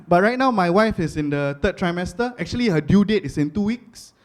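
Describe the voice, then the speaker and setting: A young man from Singapore with a Singaporean accent, doing stand-up comedy with animated storytelling and Singlish phrasing. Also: high voice, moderate pace, few pauses.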